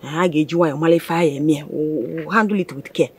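A woman's voice: low voice, fast talker, darkish tone, slight background noise. An actress with an Igbo Nigerian accent playing an older village mother who is fussy and full of exclamations. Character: worried old village mother. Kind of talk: Nollywood film acting.

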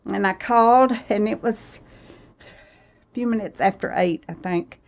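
A woman's voice: medium pitch, a little slow. A woman chatting to her viewers in a vlog from her country cottage kitchen, rambling and laughing often, a little out of breath. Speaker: vlogger. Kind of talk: casual chat to viewers.

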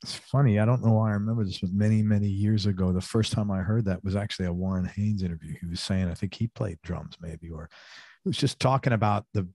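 A man's voice: lowish voice, steady tone, fast, darkish tone, no echo, clean studio sound. A man hosting an interview, asking enthusiastic, rambling questions in a casual way. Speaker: interview host.

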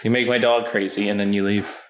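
A man making a casual home vlog at night, playfully scolding his dog and jumping into a high sing-song voice. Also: little pitch movement, brisk. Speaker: vlogger. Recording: echoey room, voice far from the mic, faint noise.

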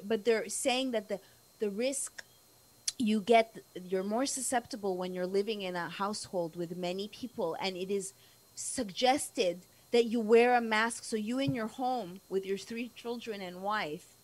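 A woman's voice: medium pitch, measured pace, low-quality recording. A woman journalist as a guest on a casual live-stream talk show, talking in a rambling way with many restarts.

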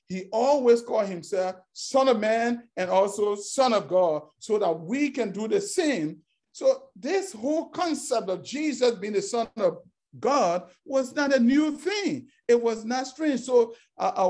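A man's voice: high voice, a little mellow. A man preaching a sermon, speaking emphatically, repeating phrases and acting out the quoted dialogue.

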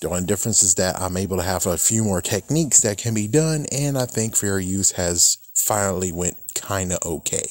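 A man's voice: sits low, brisk, hardly any pauses. A man on a YouTube channel, talking in a casual, rambling rant, frustrated and swearing often. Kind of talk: casual ranting vlog.

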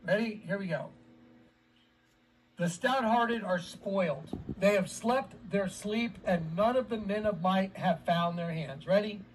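A man's voice: high voice, unhurried, distant mic, slight background noise, rough recording. A man giving heated scripture commentary, agitated, often asking "ready?" and drawing out quoted words. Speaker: online preacher.

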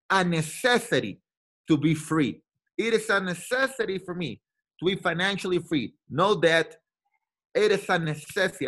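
A Latin American man in his thirties, a team trainer with a high, slightly bright voice, gives his team an emphatic, repetitive motivational talk, acting out the voices he quotes.

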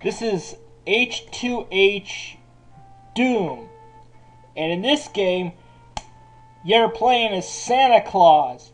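Slow mellow guy cursing nonstop while he plays a shooter, faint game music in the back. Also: high-pitched, rough recording. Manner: profane, cursing constantly. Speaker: gameplay commentator. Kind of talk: casual game commentary.

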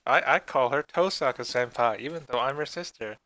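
A man's voice: mid-range voice, brisk, bright, forceful tone, no echo, lightly acted, rough recording. A man mocking a whiny anime schoolgirl. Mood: whiny mockery. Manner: mocking, exaggerated, stammering.

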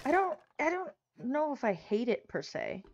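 A woman's voice: high-pitched, very animated, normal speed, lo-fi sound, a little hiss or hum. A woman chatting casually and playfully while playing a co-op game, laughing often. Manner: giggly, playful, jokey. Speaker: co-op game player. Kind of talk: casual gameplay chat.

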